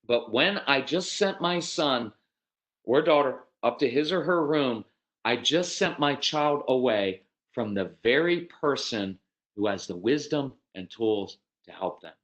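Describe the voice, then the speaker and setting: A man giving a folksy, earnest parenting seminar, speaking directly to dads and acting out quoted parents with sudden leaps in pitch. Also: lively intonation, unhurried, fairly bright tone.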